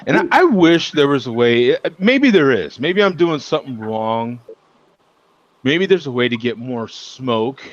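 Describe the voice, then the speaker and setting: A man hosting a casual chat over beers, with a lively voice that swings up and down. He laughs often and tells animated stories. The sound is dull and lo-fi, like a video call. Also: medium pitch, a little slow, no echo. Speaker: host.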